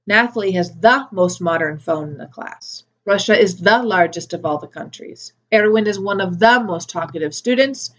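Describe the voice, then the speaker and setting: Woman ESL teacher, medium pitch, careful slow modelling, slightly dull recording. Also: lively intonation. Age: adult with a daughter. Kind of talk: recorded grammar lesson.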